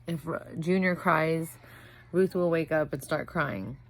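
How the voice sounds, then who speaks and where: A woman's voice: deep voice, measured pace, rough recording. A young woman vlogging at home about her two small children, exhausted from little sleep and rambling as she corrects herself. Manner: rambling, scattered, self-correcting. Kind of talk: casual vlog chat. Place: at home with a toddler nearby.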